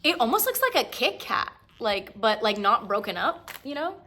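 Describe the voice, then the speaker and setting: A woman's voice: fairly high pitch, big pitch swings, normal speed, bright, forceful tone. A young woman from Eastern Europe hosting a casual snack taste test, chatty and giggly with many "like" fillers. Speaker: host.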